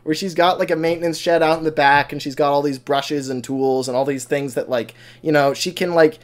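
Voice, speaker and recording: A man co-hosting a podcast, brainstorming a story in an animated, rambling way and laughing often. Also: fairly high pitch, a little fast. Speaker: podcast co-host. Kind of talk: casual story brainstorming chat.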